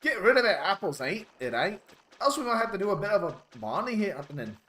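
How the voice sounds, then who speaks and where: A rowdy cartoonish dolphin with a broad put-on Australian accent, played by a man. He blusters in slang and pitches his voice up high and loud. The delivery swings wildly in tone. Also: sing-song, quick pace, a little hiss or hum, exaggerated voice. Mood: grumbling.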